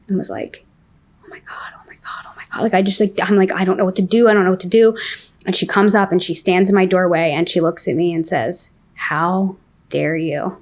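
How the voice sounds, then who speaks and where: A young adult woman telling a personal story in casual speech, full of "like" and quick restarts. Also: on the low side. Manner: fast, filler-heavy telling with many "like"s. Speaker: guest sharing her story.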